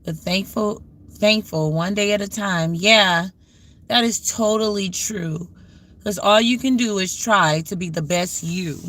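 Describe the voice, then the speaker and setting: Bright-voiced woman chatting on a livestream. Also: medium pitch, unhurried. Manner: conversational, reflective, talks back to viewer comments. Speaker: livestream host. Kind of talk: casual livestream chat with viewers.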